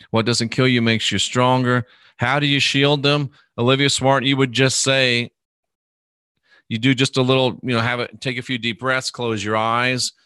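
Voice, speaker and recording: A man hosting a live podcast, reading viewer comments and answering questions in an unhurried, conversational way, often trailing off softly at the ends of phrases. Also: mid-range voice, dry recording, clean studio sound. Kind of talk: casual live podcast chat.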